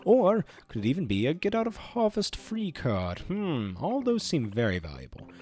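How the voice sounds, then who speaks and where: A man's voice: on the high side, wildly swooping pitch, moderate pace, a little mellow, voice pushed up. A man voicing a long-winded, theatrical male game-show villain while reading game dialogue aloud, in a grandiose, teasing announcer manner.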